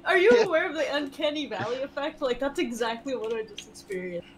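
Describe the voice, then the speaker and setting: Brief: a high-pitched woman player, animated and amused, casual banter. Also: fairly quick, a loud crowd. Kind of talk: casual gaming chat.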